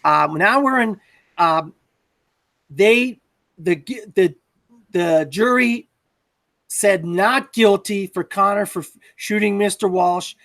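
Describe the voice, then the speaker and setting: A man's voice: high voice, slow, long pauses, fairly bright tone, dry recording. A man hosting a casual film discussion podcast, recapping scenes in a hesitant way with many fillers. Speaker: podcast host.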